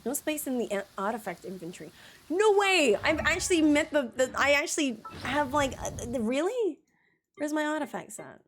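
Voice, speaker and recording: A young woman streaming a video game, chatting excitably and reacting out loud as she plays. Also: sits high, moderate pace, slight background noise. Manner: chatty, laughs easily, excitable. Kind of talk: live game stream commentary. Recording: stream mic with faint game music.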